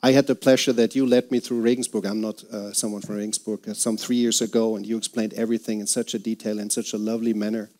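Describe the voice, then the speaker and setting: A man's voice: on the low side, little pitch movement, quick pace, few pauses, darkish tone. A man from Germany moderating a group discussion, chatty and friendly, laughing as he talks.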